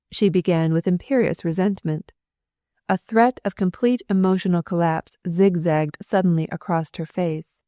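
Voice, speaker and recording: A woman narrating a novel as an audiobook, telling the story in an expressive, dramatic way. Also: lowish voice, moderate pace, no room sound, studio quality.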